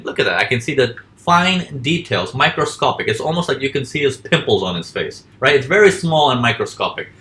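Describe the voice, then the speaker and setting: A man with a bright, forceful, mid-range voice teaches forex trading in a casual live lesson over charts. He poses questions and answers them himself, acting out panicking traders in quick voices.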